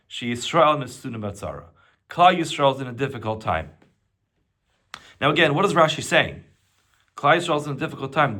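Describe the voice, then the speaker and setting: A man teaching a Torah lesson as a rabbi, asking and answering his own questions in a lively teaching manner. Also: a little high.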